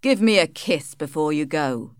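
A woman voicing an arrogant young gentleman, demanding and offhand, at times mocking. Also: sits low, animated, measured pace, smooth, no echo, clean studio sound.

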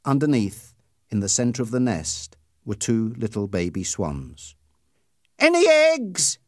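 A man's voice: fairly low pitch, expressive, warm tone, no echo, studio quality. A man reading a story aloud as narrator, in scripted storybook narration. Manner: slow, clearly paced reading.

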